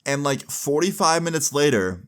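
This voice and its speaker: A man's voice: a little high, expressive, moderate pace, clear, resonant tone. A young adult man casually narrating a personal story, full of "like" fillers and acting out quoted dialogue. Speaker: storytime vlogger.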